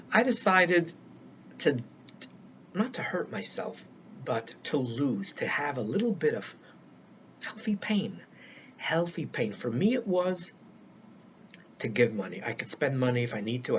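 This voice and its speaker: An older man giving earnest life-coaching advice, emphatic and repeating words for stress, on a dull lo-fi recording. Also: mid-range voice. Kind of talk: solo talk to camera. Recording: dull lo-fi sound with faint noise.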